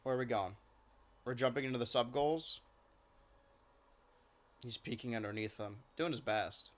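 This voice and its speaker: A male streamer in easy, rambling chat, with a voice of middling pitch. He drifts between remarks and affectionate, sing-song talk to his cats. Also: moderate pace. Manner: chatty, coos and baby-talks to his cats. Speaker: live streamer.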